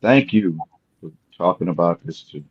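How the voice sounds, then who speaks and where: Deep-voiced middle-aged man on a lo-fi call. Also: lively intonation, normal speed, slightly rough, no room sound. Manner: earnest, reflective storytelling. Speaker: guest. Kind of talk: casual chat. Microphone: remote video call. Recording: dull lo-fi call audio, dry.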